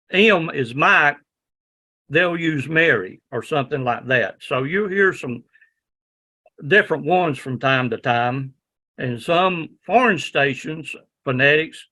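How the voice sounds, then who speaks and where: A man's voice: medium pitch, bright, forceful tone. A man with a Southern US accent teaching a ham radio licensing class in a folksy, rambling way, often checking in with "okay?". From Southern United States. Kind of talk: classroom lecture.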